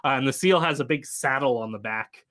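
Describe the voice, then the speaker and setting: Bright-voiced male game master, halting. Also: medium pitch. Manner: halting, full of fillers and restarts. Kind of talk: narrating a tabletop game.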